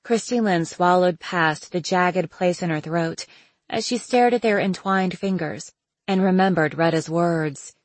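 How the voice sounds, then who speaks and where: A woman narrating a novel as an audiobook, in a measured, even storytelling manner. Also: fairly low pitch, no echo, low-quality recording. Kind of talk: scripted narration.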